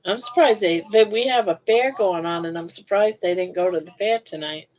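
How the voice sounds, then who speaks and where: An older woman hosting a casual live chat, chatty and unhurried, who coos at her pet in a doting voice. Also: fairly low pitch, muffled recording. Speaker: livestream host.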